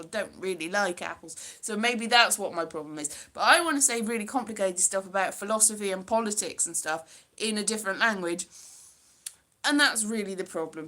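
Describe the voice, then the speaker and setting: A woman from Wales rambles through a casual vlog, stopping and restarting as she pokes fun at herself. Her voice is bright and sits at a middling pitch. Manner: rambling, self-deprecating, full of fillers and restarts. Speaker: vlogger. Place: home, London.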